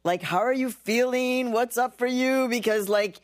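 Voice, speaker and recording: A woman's voice: a little high, measured pace. A woman hosting a live podcast interview, chatting and laughing easily. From Mexican heritage, lives in New York. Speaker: host.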